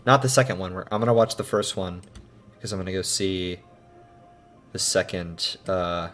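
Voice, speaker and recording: A man streaming himself editing a video, talking to himself in rambling casual chat that breaks into sudden loud outbursts. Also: low voice, normal speed, soft background music.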